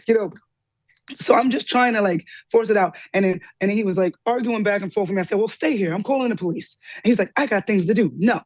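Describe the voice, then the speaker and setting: A woman guest telling a personal story with lively energy, acting out the voices of the people in it. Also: fast talker, dry recording. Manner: lively, acts out quoted dialogue with big pitch jumps. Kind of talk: animated storytelling in an interview.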